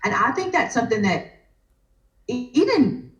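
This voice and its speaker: Chatty Southern woman, lively pitch. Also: moderate pace, echoey room, rough recording. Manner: chatty, animated storyteller. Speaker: guest crafter. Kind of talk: casual chat on a live crafting stream.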